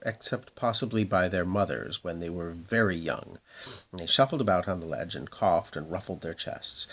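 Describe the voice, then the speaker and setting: A man reading a children's story aloud in a gentle, expressive way. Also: low-pitched, husky. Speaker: narrator.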